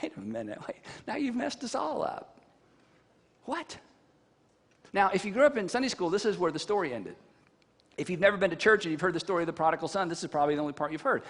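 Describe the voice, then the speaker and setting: Male pastor, high voice, lively storytelling sermon, quizzing the crowd; echo in a big hall. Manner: animated storytelling with rhetorical questions to the congregation. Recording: long reverb from a large hall.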